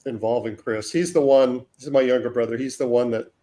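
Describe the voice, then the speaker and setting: A man's voice: medium pitch, fairly even intonation, mellow. A man hosting an art livestream, telling a long rambling anecdote in casual chat. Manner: slow, rambling anecdote teller.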